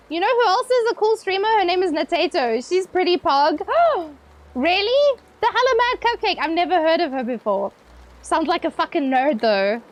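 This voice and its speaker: A woman's voice: extremely high pitch, animated, unhurried, pauses often. A young woman streaming live, chatting playfully with her viewers, swearing casually and laughing often.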